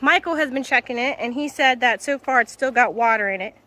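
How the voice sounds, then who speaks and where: A high-pitched woman talking outdoors on her farm. She coos and coaxes at her animals in a sing-song voice, then turns chatty and down-to-earth as she vlogs. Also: a little fast, noisy background. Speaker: farm vlogger. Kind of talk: casual vlog narration.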